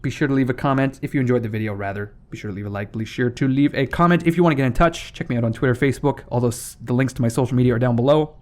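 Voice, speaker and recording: A man's voice: medium pitch, rapid-fire, hardly any pauses. A young man hosting a strategy game playthrough, talking casually as he rambles, swears and corrects himself. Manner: rambling and profane, with self-corrections. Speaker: gaming channel host.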